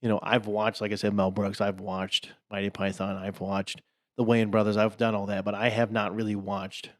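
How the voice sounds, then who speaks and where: A man's voice: lowish voice, level tone, moderate pace, no echo, studio quality. A man co-hosting a podcast who talks casually and rambles, with lots of "like" and "you know" fillers. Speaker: podcast co-host.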